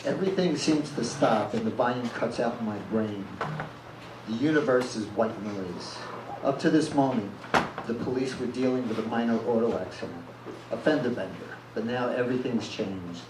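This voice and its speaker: A man's voice: medium pitch, moderate pace. A man reading a first-person story aloud at a live reading event, blunt and plain-spoken. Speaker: reader at a live reading series. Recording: echoey room from far off, with noise.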